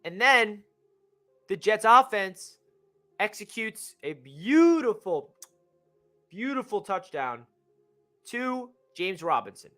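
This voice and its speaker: A young man excitedly recapping a football game as a fan channel host, rambling and correcting himself as he goes. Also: sits high, slow, pauses often. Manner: energetic, rambling, self-correcting.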